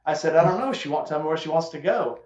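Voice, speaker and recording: Man host, storyteller type, slightly raised pitch, echoey room with muffled audio. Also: animated, fast, a little mellow. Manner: drawling storyteller acting out quotes. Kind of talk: casual storytelling chat. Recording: echoey room, dull lo-fi sound.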